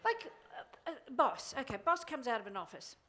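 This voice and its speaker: A middle-aged woman giving a live motivational keynote to a conference audience, animated and exclamatory. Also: fairly high pitch, a little fast, a little hiss or hum. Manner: animated, exclamatory, quotes others in funny voices. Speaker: motivational speaker. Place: conference hall before an audience.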